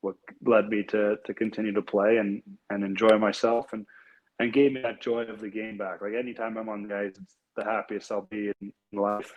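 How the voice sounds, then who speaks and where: A young man with a fairly low voice tells his story earnestly as an interview guest. His talk is casual, full of fillers and restarts. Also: little pitch movement, moderate pace, muffled recording. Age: young adult. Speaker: guest, hockey player.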